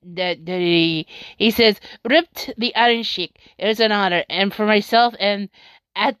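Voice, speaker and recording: A woman's voice: mid-range voice, unhurried, a bit bright, clean tone, no room sound. A woman hosting a podcast, reading out tweets in casual chat and laughing often in amused disbelief. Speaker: podcast host.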